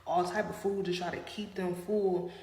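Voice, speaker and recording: A woman's voice: on the low side, fairly even intonation, moderate pace, darkish tone. A woman telling a personal story in a casual, dramatic way, often calling out to her viewers. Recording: roomy with long reverb and faint noise.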